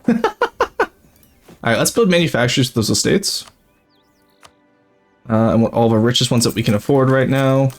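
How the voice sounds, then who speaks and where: A man's voice: medium pitch, normal speed, long pauses, soft background music. A young man streaming a strategy game, chatting casually and rambling, laughing often and talking to his chat. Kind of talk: casual gameplay commentary.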